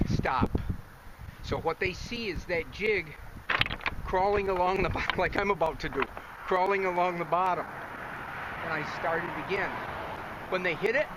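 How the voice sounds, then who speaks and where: A man talking straight to the camera from a river bank, folksy and excited and audibly out of breath. His voice sits a little high. Clear outdoor noise runs under the camera mic. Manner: excited, folksy, talks to viewers directly. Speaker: fishing show host. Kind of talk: outdoor fishing commentary.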